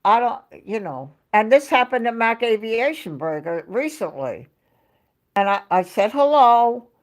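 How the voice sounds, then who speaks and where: A woman's voice: mid-range voice, sing-song, unhurried. Chatty woman rambling on a home livestream. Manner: rambling, chatty storytelling, reading out chat names. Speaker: livestream host. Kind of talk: casual livestream chat.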